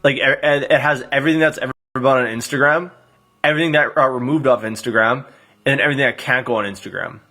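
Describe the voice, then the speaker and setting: A man's voice: mid-range voice, fast talker, pushed and bright. Chatty man in his twenties, live streaming. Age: 20s. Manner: chatty, reads out and thanks viewers by name. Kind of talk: casual live stream chat.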